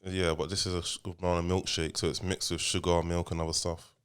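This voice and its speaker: A man with a very low voice hosts a relaxed podcast chat as a father. He talks in a teasing, rambling way and often repeats his questions. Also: fairly quick, clear, resonant tone.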